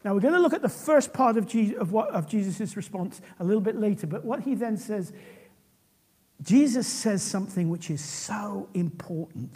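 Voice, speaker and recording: A man preaching a sermon, animated and often restarting his sentences. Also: sits high, moderate pace, breathy edge.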